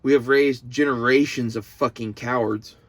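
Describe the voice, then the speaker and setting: A man's voice: mid-range voice, steady tone, moderate pace, no room sound. A young man, talking to the camera in a loose, profane, meandering monologue that turns emotional at times. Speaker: vlogger. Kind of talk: casual rambling monologue.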